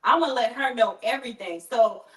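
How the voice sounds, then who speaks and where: A woman with a slightly high voice speaks earnestly as an interview guest, restarting her sentences as she explains. She sounds distant from the mic, with a roomy echo around her. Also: brisk, a bit bright. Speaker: interview guest, friend of the deceased. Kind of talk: conversational interview. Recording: echoey room, voice far from mic.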